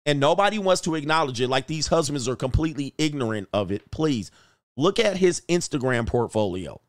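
A man's voice: a little high, lively intonation, fairly quick, no echo, studio quality. A man hosting a livestream as a relationship coach, brash and crude, joking and talking straight to his chat. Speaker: relationship coach and show host. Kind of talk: livestream commentary.

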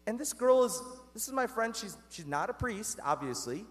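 A man's voice: sits high, big pitch swings, normal speed, few pauses. A man preaching a sermon as a priest, earnest and conversational, asking the congregation questions and calling them "guys". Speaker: Catholic priest. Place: church. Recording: long reverb of a church.

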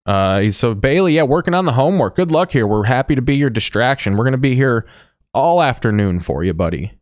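A man doing comedic commentary over a video, riffing sarcastically in a deadpan way with joking asides. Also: medium pitch, a little fast, dry recording, studio quality.

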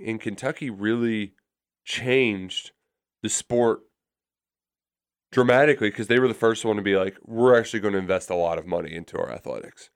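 A man co-hosting a sports radio show, telling a long rambling story in casual chat with many restarts. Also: mid-range voice.

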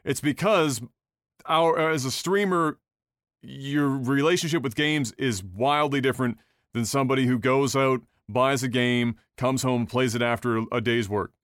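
A man's voice: medium pitch, moderate pace, a bit bright, dry recording, studio quality. A man co-hosting a podcast, explaining things in a laid-back, profane way. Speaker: podcast co-host and game reviewer. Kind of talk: casual podcast chat.

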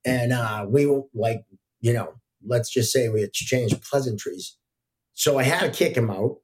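A middle-aged man, a hockey referee, telling relaxed stories as a podcast guest, with frequent fillers. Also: mid-range voice, unhurried. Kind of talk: casual podcast storytelling.

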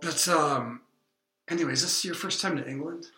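A man co-hosting an improvised comedy podcast, rambling in a deadpan tone with hesitant ums. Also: on the high side, moderate pace, roomy sound, music in the background.

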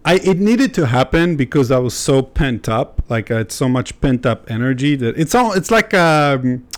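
A man's voice: mid-range voice, lively intonation, moderate pace. A young man chats on his podcast in a loose, unscripted way. He talks candidly and rambles, with fillers and casual swearing, in a mid-range voice. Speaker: podcast host.

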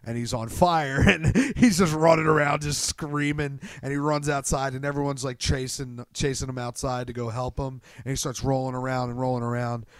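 A man recaps a film for friends in loose casual chat. He rambles through it with fillers and swearing and laughs at his own story. His voice sits at a middle pitch and is recorded dry and close. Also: steady tone, moderate pace, hardly any pauses, smooth, dry recording. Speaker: friend retelling a movie.

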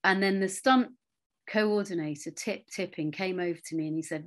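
A middle-aged woman, an actress, telling anecdotes in a relaxed interview, with quiet asides and lively storytelling. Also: on the low side, moderate pace.

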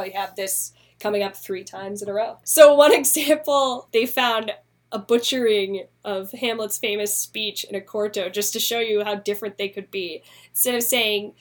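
A woman co-hosting a podcast in casual chat, explaining things eagerly and laughing often. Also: fairly high pitch. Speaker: podcast co-host.

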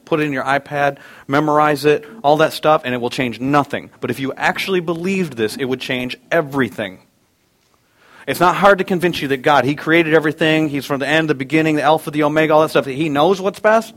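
This thirtysomething man preaches with earnestness, using funny anecdotes about his family and rising to forceful, loud climaxes. He talks fast, and his voice runs a little high.

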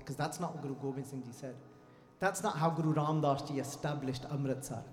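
A man's voice: medium pitch, fairly even intonation, brisk. A man giving a fervent sermon to a congregation, repeating lines emphatically and addressing the crowd directly. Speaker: Sikh preacher. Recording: echoey hall with faint music.

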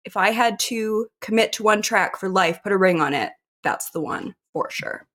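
A woman's voice: mid-range voice, animated, normal speed, a bit bright. A woman co-hosting a podcast, talking in enthusiastic, joking banter. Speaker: podcast co-host.

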